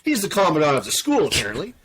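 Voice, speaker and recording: A Canadian man on a podcast panel tells an army story in a casual round-table setting, his fairly high voice racing along. He's blunt and animated, swearing constantly and acting out the quoted dialogue.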